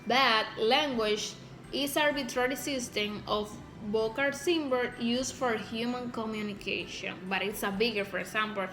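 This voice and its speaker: A woman's voice: a little high, music in the background. A young woman from the Dominican Republic with a Dominican Spanish accent, reading out exam answers carefully as a student. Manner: careful, deliberate, spelling words out.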